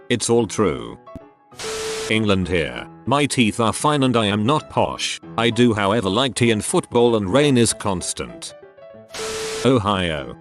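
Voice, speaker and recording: A man narrating a string of short online posts, reading each one in a plain, matter-of-fact way. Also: fairly low pitch. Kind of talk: scripted narration. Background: faint background music.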